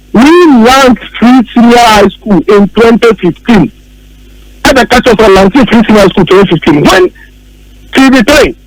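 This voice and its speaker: A man's voice: extremely high pitch, rough recording. A man with a Ghanaian accent, a political commentator on a radio talk show, arguing emphatically and repeating his points.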